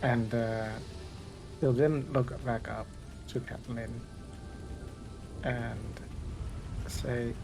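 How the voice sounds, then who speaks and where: A man's voice: medium pitch, level tone, extremely slow, gravelly, long pauses, low-quality recording. A man playing a tabletop roleplaying game, describing his actions hesitantly with many fillers. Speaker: player. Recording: music playing behind.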